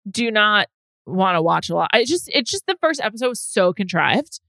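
A woman's voice: mid-range voice, gravelly, no room sound. A young woman co-hosting a podcast, chatting casually and laughing easily. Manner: chatty, animated, quick to laugh. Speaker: podcast co-host. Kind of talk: casual chat.

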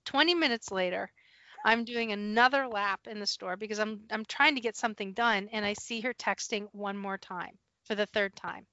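Bright-voiced lady telling a work story on a podcast, laughs a lot, sounds kinda lo-fi. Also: mid-range voice, normal speed, no room sound. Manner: animated, laughs through her story, acts out dialogue. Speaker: guest recalling past work as a retail manager.

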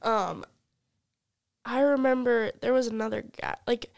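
A young woman talks on a podcast in a studio, congested from a cold, her slightly high voice edged with fry. She tells stories in an animated, casual way, acting out what people said. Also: measured pace. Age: young adult. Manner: animated storyteller, acts out quotes, swears. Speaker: podcast guest. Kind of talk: casual chat.

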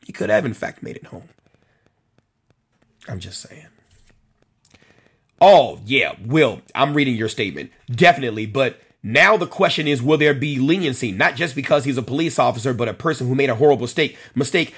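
Host, male, husky voice with a lively rise and fall, live-stream commentary, talks to commenters by name. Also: medium pitch, moderate pace. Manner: conversational, repeats phrases for emphasis, addresses commenters by name. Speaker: host of a policing talk show.

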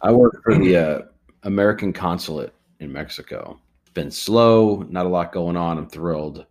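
A man co-hosting a comedy podcast, pitching absurd movie ideas in a deadpan way. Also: normal speed. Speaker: podcast co-host.

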